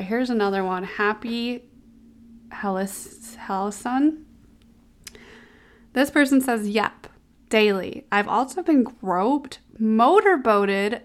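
Candid woman podcast host, mid pitch. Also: slow. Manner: candid, reacts with exclamations and laughs. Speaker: podcast host, physical therapist. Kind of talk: casual solo podcast, reading posts aloud.

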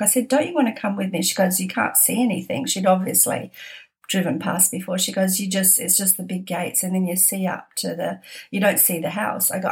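A woman with an Australian accent telling a lively personal story, acting out the dialogue and laughing often. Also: mid-range voice, fairly quick. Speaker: podcast host. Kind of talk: storytelling monologue.

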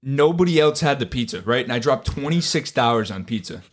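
A man's voice: medium pitch, brisk. A man co-hosting a casual chat, telling a long story with acted-out quotes and lots of swearing. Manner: animated storyteller, acts out quotes, swears often. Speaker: podcast co-host.

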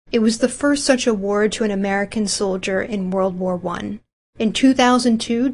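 A woman narrates history from a script in a steady, measured voice. Her pitch sits in a middle range for a woman, and she reads each line evenly without rushing. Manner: even, measured reading.

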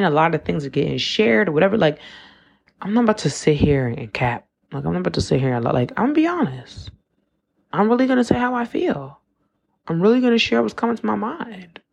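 A woman's voice: fairly low pitch, creaky. A woman, hosting a casual reflective podcast monologue, talking loosely with lots of "like" and restarts. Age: 20s. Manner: conversational, with frequent "like" and self-corrections. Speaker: podcast host.

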